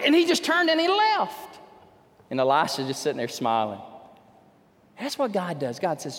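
A man, a pastor preaching a folksy sermon, telling stories with lively shouted emphasis. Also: very high voice, unhurried. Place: church sanctuary. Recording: long hall reverb.

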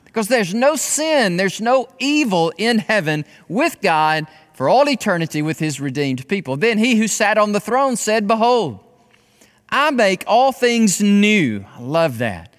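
A man delivering an impassioned sermon in a high, animated voice that swings widely between loud bursts and hushed tones. His words carry a long reverb, as though they fill a large sanctuary. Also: normal speed, hardly any pauses. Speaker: pastor.

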